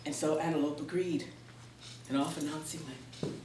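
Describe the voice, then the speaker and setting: A woman telling a folktale to an audience, playful and expressive. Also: sits low, moderate pace, background noise. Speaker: storyteller and educator. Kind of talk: folktale storytelling to a live audience. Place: presentation room at a library. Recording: roomy, distant mic, faint background.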